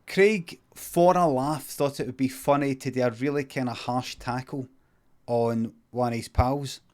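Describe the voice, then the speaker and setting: A man with a Scottish accent improvising a comic story in a deadpan, rambling, sweary way. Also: medium pitch, a little slow. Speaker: comedian streamer.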